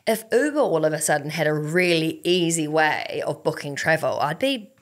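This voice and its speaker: A New Zealand woman co-hosting a podcast, chatty and quick to give her opinion. Her voice is notably low for a woman. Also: expressive. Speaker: podcast co-host. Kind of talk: casual chat.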